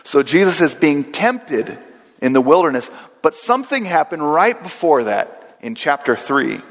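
A man preaching a sermon in a church, earnest and steady, slowing down and repeating key phrases for weight. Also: fairly high pitch. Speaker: pastor. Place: church sanctuary. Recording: long hall reverb.

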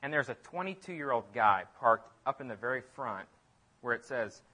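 A man preaching a sermon as pastor, emphatic, repeating phrases and swinging from loud declarations to near-quiet asides. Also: mid-range voice, lively intonation, normal speed.

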